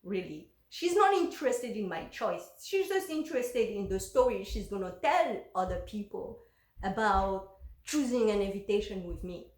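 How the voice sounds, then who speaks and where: A woman's voice: medium pitch, very animated, moderate pace, a little mellow, echoey room. A woman vlogger candidly recounting her own life story, frank and emotional, swearing openly.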